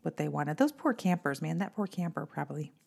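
A woman's voice: sits low, animated, gravelly, darkish tone. Chatty woman podcast co-host. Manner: chatty, reacts with quick exclamations. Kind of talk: casual chat.

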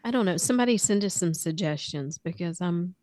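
Animated woman telling a story. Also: fairly low pitch, fairly quick, dry recording. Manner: animated storyteller, laughs often. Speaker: podcast co-host. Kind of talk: casual storytelling chat.

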